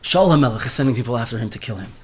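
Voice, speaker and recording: A man's voice: mid-range voice, very fast, slightly rough. Man teaching a Torah class. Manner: animated, mixes Hebrew terms into speech, repeats words often.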